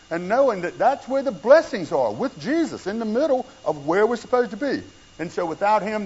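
A man's voice: a little high, breathy edge, lo-fi sound. Earnest conversational male pastor preaching. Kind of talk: sermon.

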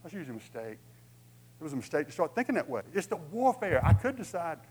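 A man's voice: a little high, very animated, fast, a little hiss or hum, poor audio. Conversational preacher man. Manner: conversational preaching with acted-out inner voices and humor. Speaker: pastor. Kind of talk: sermon.

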